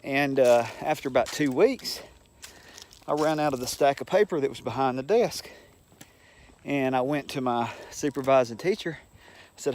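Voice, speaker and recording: A man's voice: mid-range voice, a little slow, long pauses, darkish tone. Older man telling folksy teaching stories. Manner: rambling, folksy anecdotes with acted-out quotes. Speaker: retired teacher. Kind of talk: casual storytelling monologue.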